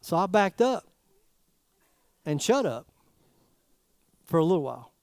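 A man preaching a sermon in a folksy, animated way, throwing rhetorical questions at the congregation. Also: high-pitched, measured pace, gravelly, clean tone, dry recording, clean studio sound. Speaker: pastor.

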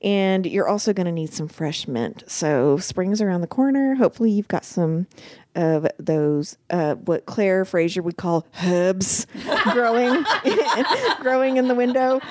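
A woman's voice: measured pace, a little hiss or hum. A woman co-hosting a book podcast, chatting casually, laughing often and swearing freely. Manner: laughs often, swears, jumps into high excited squeals. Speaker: podcast co-host. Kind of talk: casual chat.

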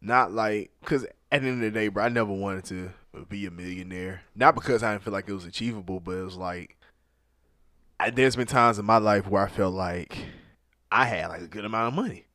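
A man, co-hosting a casual chat; animated, laughs a lot and repeats himself. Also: fairly low pitch, a little fast, dry recording, studio quality.

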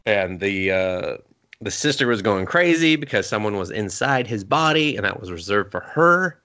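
A man casually recapping an episode on a podcast, rambling and swearing, slipping quoted lines into quick put-on voices. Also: lowish voice, lively intonation, pushed and bright. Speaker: podcast co-host.

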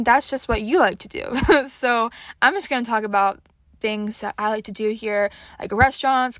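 A woman's voice: fairly high pitch, fairly bright tone, no echo, clean studio sound. A nineteen-year-old woman from Houston hosting her podcast in a casual, scatterbrained chat with lots of fillers. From Houston, Texas. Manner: chatty and scatterbrained, many fillers. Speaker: podcast host.

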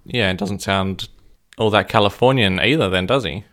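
A man co-hosting a podcast, asking curious questions and laughing easily in a casual chat. His voice sits fairly low. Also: moderate pace, a bit bright. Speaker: podcast co-host.

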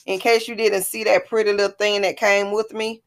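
A woman's voice: mid-range voice, level tone, moderate pace, pitched above the performer's own voice, natural voice. Woman voicing a taunting, menacing ex-husband. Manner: taunting, threatening. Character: menacing smirking ex-husband, grown man.

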